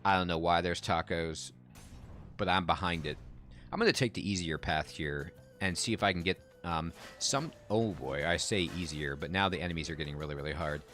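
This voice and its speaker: A man's voice: sits low, a little fast, a bit bright, faint music behind. A man giving casual, chatty commentary while playing a video game and reacting aloud to the action. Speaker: game streamer.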